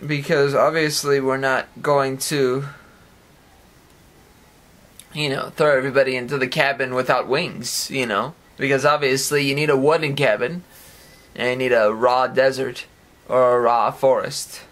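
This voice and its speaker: A man's voice: mid-range voice, steady tone, unhurried, a bit bright. A man giving a rambling solo monologue on his own podcast, now and then acting out imagined voices with sound effects. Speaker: podcast host.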